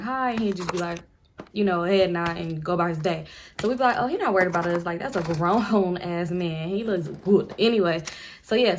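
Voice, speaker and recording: A woman's voice: fairly low pitch, a little hiss or hum. A young woman telling a personal story to her viewers in a rambling, chatty way. She uses lots of slang, talks straight to her audience and laughs as she goes. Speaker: storytime vlogger. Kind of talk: casual storytime chat.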